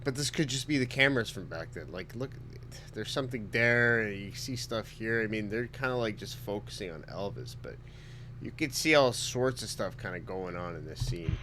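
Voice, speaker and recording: Bright-voiced chatty man reacting. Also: fairly low pitch, animated, normal speed, a little hiss or hum. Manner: chatty, full of fillers, asks viewers to comment. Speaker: video reaction host. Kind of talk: casual reaction commentary.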